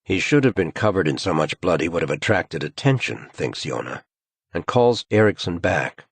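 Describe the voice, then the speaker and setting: A man reading a crime thriller audiobook in measured, grave scripted narration. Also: sits low, animated, creaky, husky, no echo.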